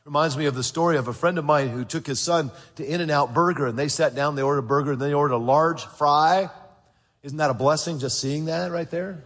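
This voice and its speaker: A man preaches from the pulpit of a large church, his voice a little higher than most and noticeably husky. He talks earnestly, stumbling over repeated words and acting out the voices in his stories, while the long reverb of the sanctuary rings behind him. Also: brisk, a bit bright. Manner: acts out quoted voices in storytelling. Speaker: pastor. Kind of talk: sermon.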